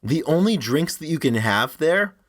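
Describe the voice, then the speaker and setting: A young man in his twenties co-hosts a podcast in a slightly high, sing-song voice with a fairly bright tone and moderate pace. In casual chat, he tells rambling stories, restarting often and laughing frequently.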